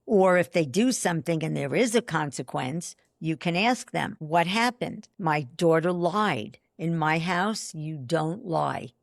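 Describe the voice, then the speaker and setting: With a low, gravelly, expressive voice in a clean, dry studio recording, an older woman who's an expert on belief guests on a podcast. She recounts stories with real emphasis, performing the dialogue and slipping in brief asides as they talk.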